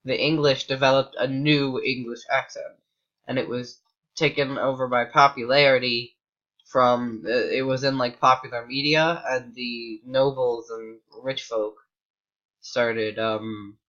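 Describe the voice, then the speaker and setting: A man's voice: medium pitch, fairly even intonation, measured pace, pushed and bright, lo-fi sound. An American man giving casual, rambling commentary while playing a game. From United States. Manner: rambling, chatty tangents. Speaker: gaming YouTuber.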